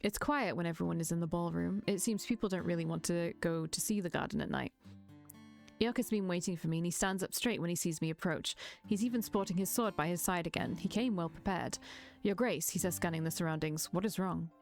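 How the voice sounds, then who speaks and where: Streamer lady reading a visual novel out loud, lowish voice, faint music. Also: a little fast, vocal fry.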